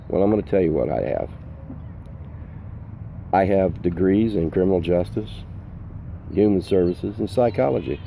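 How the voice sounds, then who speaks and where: A man's voice: sits low, expressive, moderate pace, vocal fry, long pauses, dark tone, slight background noise. An older man, a full-time RV vlogger, giving earnest, emphatic safety advice outdoors, repeating his points. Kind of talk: casual outdoor vlog advice. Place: outdoors in the sun.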